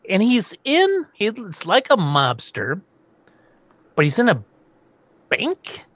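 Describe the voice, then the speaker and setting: A man's voice: sits high, wildly swooping pitch, takes it slowly, pauses often, fairly bright tone, no room sound. A man casually recapping a TV episode on a podcast, quoting the characters and laughing often. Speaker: podcast host.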